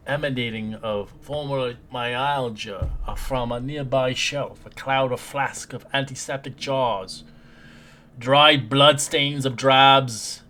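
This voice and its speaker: A man narrating a tabletop game as game master in a halting, rambling way with restarts. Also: mid-range voice, fairly bright tone, a little hiss or hum.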